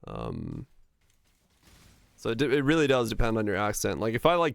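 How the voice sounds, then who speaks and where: A man with a neutral American broadcaster-like accent, livestreaming and chatting casually in a relaxed, rambling way. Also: lowish voice, brisk, creaky, smooth, no echo. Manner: relaxed, rambling, many fillers. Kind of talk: casual chat while gaming.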